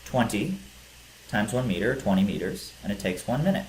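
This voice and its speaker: Low-voiced man lecturing in an echoey room. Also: lively intonation, moderate pace. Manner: explains step by step with fillers. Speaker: teacher. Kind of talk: physics lecture. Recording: echoey room with faint hiss.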